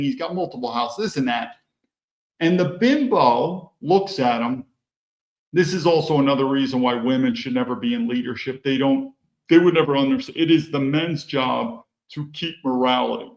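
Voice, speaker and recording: American man, podcast host, rambling and opinionated, higher voice, echoey room. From United States. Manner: opinionated, digressive, swears. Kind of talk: rambling commentary with storytelling. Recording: echoey, dull room sound.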